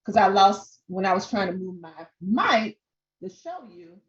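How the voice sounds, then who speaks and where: A woman with a Southern country twang coaching a live webinar, lively and direct, often checking in with "okay?". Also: medium pitch, unhurried, muffled recording. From Southern United States. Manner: animated, peppers talk with "okay?". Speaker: podcast coach. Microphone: desk microphone.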